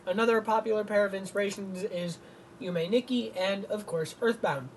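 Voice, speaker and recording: A man co-hosting a game stream, relaxed and thinking aloud as he plays. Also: high voice, moderate pace, slight background noise, low-quality recording. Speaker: co-host. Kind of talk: casual gameplay stream chat.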